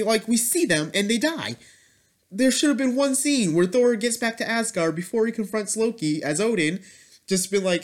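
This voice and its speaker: A man giving a casual, rambling spoken review of a superhero movie, swinging between loud excited outbursts and quiet, muttered asides. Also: high voice.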